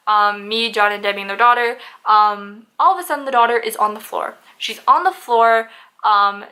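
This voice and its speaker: A nineteen-year-old woman, a young adult, vlogs a casual storytime in a chatty, animated way. Her voice runs on the high side, and she swears freely while filling gaps with "like" and "um."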